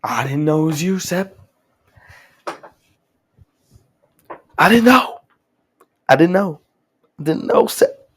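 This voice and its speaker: A man's voice: on the high side, lively intonation, measured pace, a bit bright, a little hiss or hum, voice pushed up. A man voicing a big bully boy who grovels in a panic. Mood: panicked.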